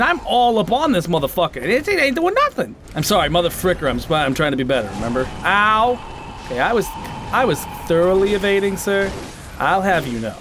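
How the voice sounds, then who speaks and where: A man giving comic let's-play commentary, excitable and self-mocking, trash-talking enemies with sudden shouts. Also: high-pitched. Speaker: gaming channel host.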